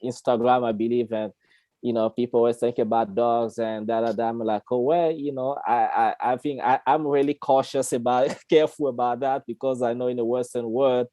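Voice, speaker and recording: A man's voice: medium pitch, steady tone, moderate pace, dark tone, no room sound. Laughing man explaining things chattily. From Congo. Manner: chatty, laughs often, repeats words, checks in with "you know, all right?". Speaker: guest speaker on Kongo spirituality. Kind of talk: casual explanatory talk.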